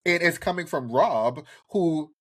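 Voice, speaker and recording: A man co-hosting a podcast, recapping a reality show in casual chat, animated and profane, often mimicking the people he talks about. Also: fairly high pitch, a little slow. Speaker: podcast co-host.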